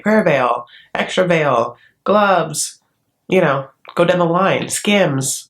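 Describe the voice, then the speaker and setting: A woman from the United States hosting a reality TV recap in casual, sarcastic commentary. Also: very deep voice. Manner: sarcastic, chatty, does mocking voices for the cast.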